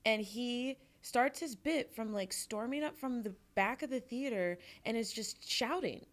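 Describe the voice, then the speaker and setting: A woman's voice: on the high side, lively intonation, a little slow. A woman comedian co-hosting a podcast, telling stories in chatty casual talk full of fillers. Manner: chatty, filler-heavy storytelling. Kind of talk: casual chat. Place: comedy club.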